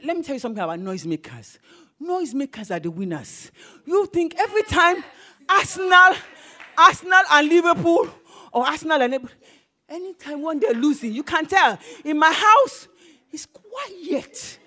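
A woman preacher with a high voice delivers a lively sermon, her pitch leaping all over. She talks animatedly and breaks into bursts of shouting. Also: brisk. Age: adult, married.

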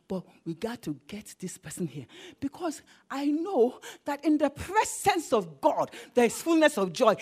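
A woman preacher with a high voice delivers a lively sermon, her pitch leaping all over. She talks animatedly and breaks into bursts of shouting. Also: slightly rough. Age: adult, married.

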